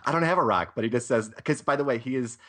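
A man's voice: medium pitch, pushed and bright. A man co-hosting a podcast in casual chat, playful and teasing. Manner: playful, teasing, quick to laugh. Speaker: podcast co-host.

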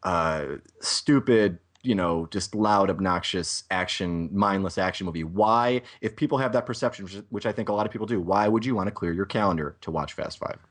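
A man co-hosting a podcast in casual chat, playful and teasing. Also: low voice. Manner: playful, teasing, quick to laugh. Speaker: podcast co-host.

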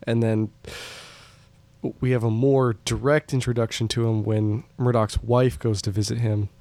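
A man's voice: medium pitch, level tone, normal speed, a little mellow, no room sound. A young man casually discussing a film, easygoing and agreeable with frequent ums. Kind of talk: casual film review chat.

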